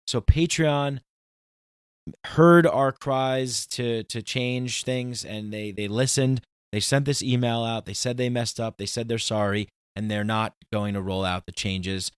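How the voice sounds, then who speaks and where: A man hosting his own podcast, talking through a solo intro in an animated, ranting, conversational way. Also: mid-range voice, a little slow, clear, resonant tone, no echo, clean studio sound. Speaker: podcast host.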